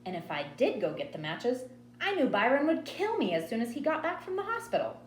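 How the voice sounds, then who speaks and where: Woman reading a novel, lively and expressive. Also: on the high side, fairly quick. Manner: expressive storytelling read. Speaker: audiobook reader. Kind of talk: first-person novel narration. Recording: roomy with faint hum.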